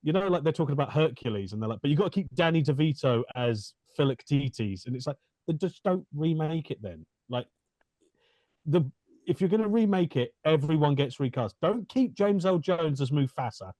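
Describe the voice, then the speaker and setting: A man's voice: fairly high pitch, animated, fairly quick, dark tone, no echo. A man co-hosting a podcast, joking and swearing through playful rants in casual conversation. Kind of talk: casual chat.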